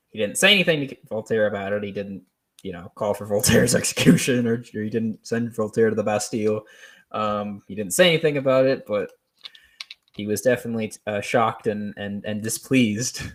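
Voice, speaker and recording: A man hosting a solo show, talking off the cuff in a rambling, hesitant way with many pauses, restarts and small laughs. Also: on the low side. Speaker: podcast host. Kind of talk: unscripted solo commentary.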